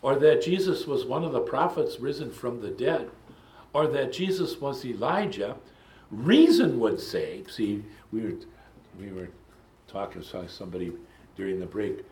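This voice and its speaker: A man leads a Bible study in a lecture style, at a mid-range pitch. He muses along, stops for frequent ums and wanders into asides. His voice rings back from a roomy, echoey space. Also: a little mellow.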